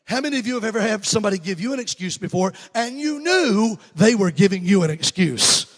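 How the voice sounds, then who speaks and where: A man's voice: high-pitched, lively intonation, fairly quick, long reverb tail. A man in his fifties with a Southern accent, an evangelist preaching a humorous story to his congregation and joking with the crowd. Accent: Southern American. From Alabama. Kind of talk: sermon storytelling. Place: church sanctuary.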